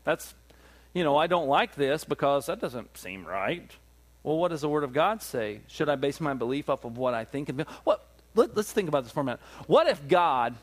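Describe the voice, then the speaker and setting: A male pastor preaching a sermon with emphatic repetition and rhetorical questions. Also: fairly high pitch.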